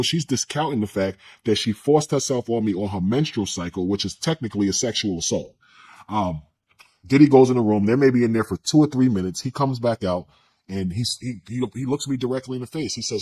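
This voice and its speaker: A man's voice: medium pitch, a little fast, a little mellow, poor audio. A man candidly recounting a personal story in an interview, blunt and conversational, with slang and restarts.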